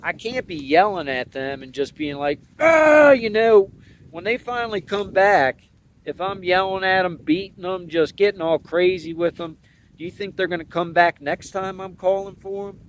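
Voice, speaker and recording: In casual outdoor vlog talk, a man shares his thoughts on training his dogs in a relaxed, folksy, rambling way packed with slang. He has a high-pitched voice at a moderate pace, with a little hiss or hum in the audio.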